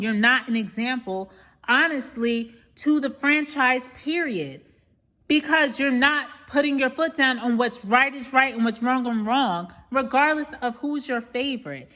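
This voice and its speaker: A woman's voice: high voice, sharp tone. A woman vlogger giving an emphatic, indignant rant recap of a reality show, often calling out to viewers as "y'all".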